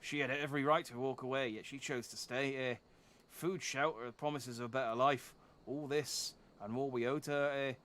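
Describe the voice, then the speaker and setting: A man's voice: mid-range voice, steady tone, a bit bright, lightly acted. A man doing a gracious old Canadian father. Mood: earnest. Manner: ends lines with a drawn-out "eh?".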